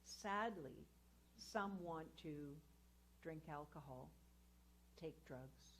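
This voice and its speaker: A woman's voice: low voice, a little hiss or hum. A woman educator giving an earnest inspirational talk to a live audience in a spiritual centre hall, telling personal stories. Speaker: guest speaker and educator.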